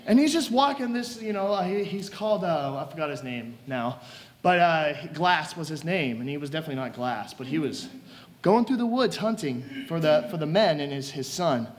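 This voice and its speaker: High-voiced animated male preacher. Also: normal speed. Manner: animated storytelling, acts out scenes. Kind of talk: sermon with retold story.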